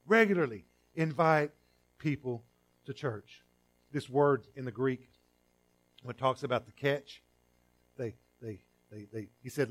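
A middle-aged man preaching a sermon as pastor, in a conversational way with restarts and repeated words, swinging between loud emphatic lines and quiet drawn-out phrases. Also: mid-range voice.

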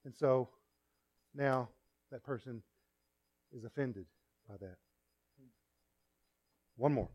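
A male pastor preaching a sermon in a conversational, storytelling way, with asides to the congregation and swings between loud emphasis and quiet remarks. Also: mid-range voice, slow pace, pauses often, lo-fi sound.

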